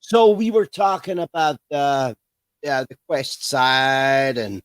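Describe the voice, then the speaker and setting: A man's voice: mid-range voice, slow, clean tone, no room sound. A man hosting a livestream interview, chatty and rambling, with frequent restarts. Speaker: host.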